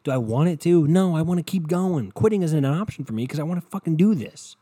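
A young man talks straight into his podcast mic from his bedroom, rambling, cursing and working himself up into passionate rants. His voice is dark and mellow, recorded close and dry with no room sound. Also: fairly high pitch, lively intonation, quick pace, slightly rough, no echo. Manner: rambling, profane, impassioned. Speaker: podcast host. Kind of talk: solo podcast monologue. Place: bedroom at home.

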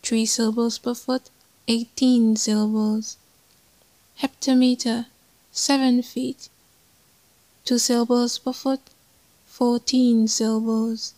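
A woman reads a scripted poetry lesson slowly and deliberately, her pitch sitting a little high but barely moving. The recording is dry and close, with no room sound. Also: no echo, rough recording. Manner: measured, deliberate, even delivery. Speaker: poetry teacher. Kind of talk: slow scripted lesson narration.

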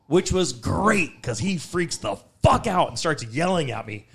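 A man's voice: a little high, unhurried, few pauses, breathy edge. A man in casual chat, telling work stories with lots of swearing and acting out the people in them. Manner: profane, animated, acts out callers and bosses.

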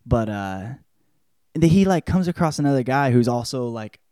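A man's voice: mid-range voice, animated, normal speed, warm tone, clear, resonant tone, no room sound, studio quality. A man hosting a podcast, giving a casual spoken book report in a rambling, joking way with lots of swearing. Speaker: podcast host.

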